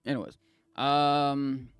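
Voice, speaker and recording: A man streaming live in casual chat, swinging between soft apologies and loud excited exclaims, laughing and cutting himself off often. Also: fairly high pitch, smooth, dry recording. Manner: self-interrupting, laughs often.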